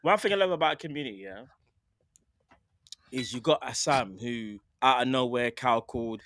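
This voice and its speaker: A man's voice: mid-range voice, normal speed, fairly bright tone, no room sound, clean studio sound. A man, co-hosting a live football chat show, full of slangy banter and laughter. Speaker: co-host.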